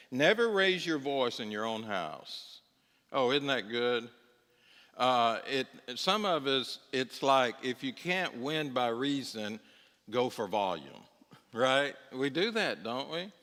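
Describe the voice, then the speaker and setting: A man's voice: medium pitch, a bit bright. A middle-aged man teaching a church Bible class in a conversational way, often asking his listeners if they agree. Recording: long church-hall reverb.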